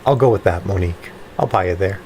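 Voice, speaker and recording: A woman's voice: very deep voice, fast, a little mellow, a little hiss or hum. A woman hosting a casual live stream, chatting with her viewers, often stopping herself mid-sentence while she works on her voice. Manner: self-interrupting, reads chat aloud; practicing voice exercises. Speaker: livestream host.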